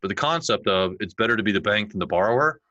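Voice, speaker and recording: Bright-voiced man telling stories. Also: fairly low pitch, fast, no room sound, highs cut off. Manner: animated storyteller, acts out his kids' lines. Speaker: podcast guest. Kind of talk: conversational interview.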